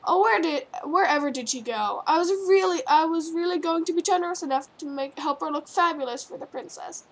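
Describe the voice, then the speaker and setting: A woman's voice: very high voice, fairly quick. Woman doing a fussy, dramatic unicorn lady. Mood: fretting. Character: fussy, refined female unicorn pony.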